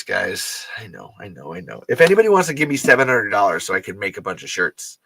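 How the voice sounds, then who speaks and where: A podcast host runs a casual livestream, rambling and cracking jokes with his viewers and swinging into high squeals. His voice is a bit bright, and the recording is dry.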